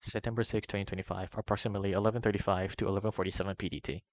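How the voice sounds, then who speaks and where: A man reading a long first-person document aloud in a steady, even way. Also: low-pitched, racing, dry recording. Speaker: reader. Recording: dry, muffled lo-fi voice recording.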